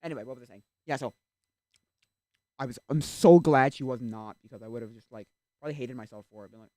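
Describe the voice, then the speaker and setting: A man of medium pitch talks quickly, the audio free of echo. While playing a game on stream he rambles casually and animatedly, interrupting his own chatter to respond to what's on screen.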